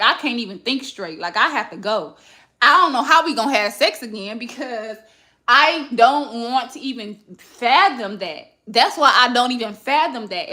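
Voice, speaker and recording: A young podcast host talks in casual chat. She is blunt, profane and animated. Her voice sits a little high and sounds bright and sharp.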